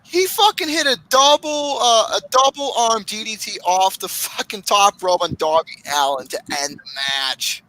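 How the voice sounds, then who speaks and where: A man hosting a casual podcast, recapping wrestling matches with lots of swearing and excitement. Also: high voice, normal speed, few pauses, rough recording. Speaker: podcast host.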